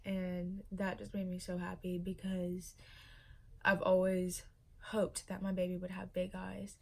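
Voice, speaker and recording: Young woman, pregnant, casual vlog chat, emotional, lots of fillers, flat melody. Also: lowish voice, unhurried, gravelly. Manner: chatty and emotional, many fillers. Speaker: vlogger.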